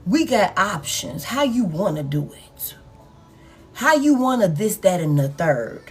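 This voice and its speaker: A woman voicing a boastful fake magician hustler who slowly and smugly shows off options and tricks. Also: mid-range voice, big pitch swings, darkish tone. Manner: slow, smug, showy offering of options.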